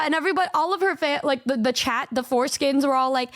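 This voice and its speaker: A woman's voice: high voice, fast talker, fairly bright tone. A young woman streaming, chatting casually and animatedly, swearing and mimicking other people in exaggerated voices. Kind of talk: casual stream reaction chat.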